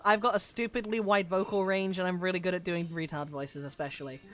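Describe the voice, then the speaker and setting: Her voice is on the low side, brisk, with fairly even intonation. A woman streamer, she chats casually during gameplay, rambling, swearing freely, and using lots of fillers, in what she calls an androgynous voice.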